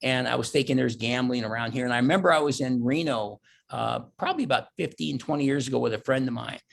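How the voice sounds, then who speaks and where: A man's voice: medium pitch, fast, vocal fry. A middle-aged man giving a motivational keynote, telling stories and acting out his own thoughts and quotes. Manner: animated storyteller, voices his own inner thoughts and quotes. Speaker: keynote speaker. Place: virtual conference talk.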